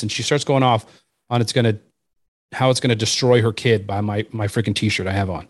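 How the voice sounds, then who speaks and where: A man in casual podcast chat, telling an animated anecdote and acting out the people in it. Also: fairly low pitch, fairly quick, dry recording, clean studio sound. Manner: animated anecdote-telling, acts out quoted voices.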